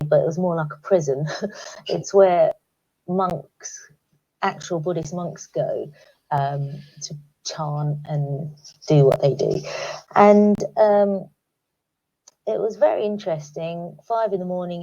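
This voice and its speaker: Slow gravelly-voiced woman teaching calmly. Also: fairly low pitch, highs cut off. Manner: calm, reflective, guiding listeners through questions. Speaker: education speaker. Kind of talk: recorded talk to teachers. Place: home, recorded remotely.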